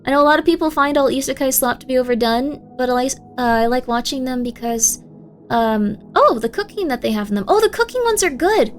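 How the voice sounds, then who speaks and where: A young woman streaming live, chatting casually with her viewers and breaking into sudden high, excited shouts. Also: brisk.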